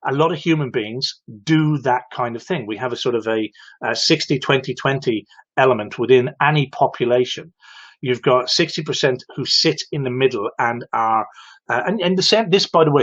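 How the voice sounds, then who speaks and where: A man with a medium-pitched voice hosts a live-streamed advice show for electricians, explaining things patiently. He keeps turning to his viewers with "okay?" and direct questions, and the audio has its highs cut off.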